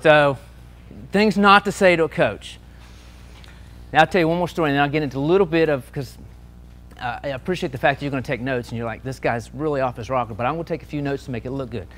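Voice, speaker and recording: A man telling lively officiating stories to an audience at a meeting, acting out the shouted lines. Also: mid-range voice, quick pace, slight background noise. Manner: animated anecdotes, shouting out quoted lines. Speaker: sports official and speaker. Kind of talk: storytelling talk to an audience.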